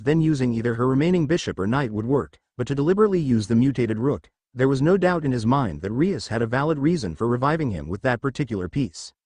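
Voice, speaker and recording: Male narrator, scripted storytelling, lively pitch, dry close-miked sound. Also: no echo. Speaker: fan fiction narrator.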